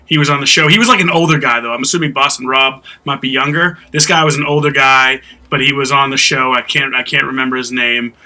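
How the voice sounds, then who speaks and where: A man hosting a casual podcast, animated, laughing often and acting out quotes loudly. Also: mid-range voice, fast talker, few pauses. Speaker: podcast host.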